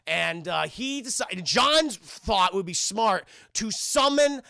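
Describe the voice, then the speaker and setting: A chatty hacker sidekick , as a man puts him on who rambles through an explanation. His voice is bright and dry, with a gravelly edge. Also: high-pitched, lively intonation, slow pace, no room sound, full character voice. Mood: explaining.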